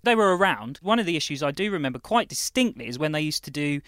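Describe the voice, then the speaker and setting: A man's voice: a little high, big pitch swings, fast, fairly bright tone, no room sound, clean studio sound. A man bantering as a podcast co-host, cheeky and full of innuendo, jittery on coffee. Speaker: podcast co-host, culture segment. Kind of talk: casual podcast chat.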